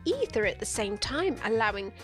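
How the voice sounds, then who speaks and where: A woman's voice: on the high side, normal speed, faint music behind. A woman narrating a satirical commentary in a sarcastic, profane, joking manner. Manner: sarcastic, profane, deadpan jokes. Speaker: video essayist.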